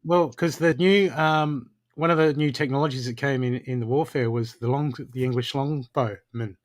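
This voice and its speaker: A man's voice: medium pitch, fairly even intonation, normal speed, dry recording. A man co-hosting a live stream, chatting casually and rambling a little as he explains things. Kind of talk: casual chat.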